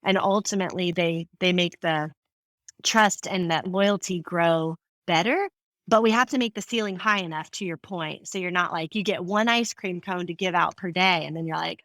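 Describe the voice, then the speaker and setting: Recorded dry, this fairly low-pitched woman speaks at a normal pace as a podcast interview guest. An animated storyteller, she performs the voices of everyone she quotes.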